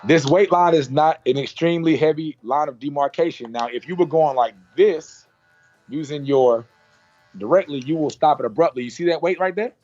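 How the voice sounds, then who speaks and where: A man's voice: on the high side, normal speed, a little mellow, soft background music. Upbeat man teaching a haircut, dull lo-fi sound. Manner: demonstrative, repetitive cues, playful sound effects. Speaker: barber educator. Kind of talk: hands-on haircutting class. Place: salon.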